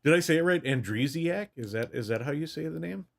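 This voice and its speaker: A man's voice: fairly high pitch, animated, brisk, creaky. A man co-hosting a live sports watch party, chiming in with short, easygoing remarks and questions. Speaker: co-host on a watch-party stream. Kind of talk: casual live-stream chat.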